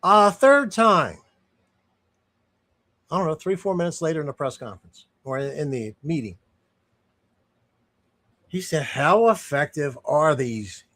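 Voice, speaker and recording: A man talks through his views in a loose, unscripted way, his voice sitting a little high for a man. He sounds indignant and often doubles back mid-sentence or drifts into digressions. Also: animated, unhurried, pauses often, bright, forceful tone. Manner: indignant, rambling, with frequent restarts and digressions. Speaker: streamer giving commentary. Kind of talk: casual unscripted commentary.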